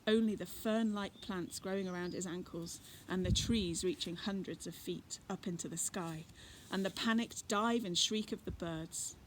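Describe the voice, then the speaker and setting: A woman's voice: on the low side, normal speed, hardly any pauses. A woman reading a children's adventure book aloud expressively, adding chatty asides. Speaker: reader. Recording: noisy recording.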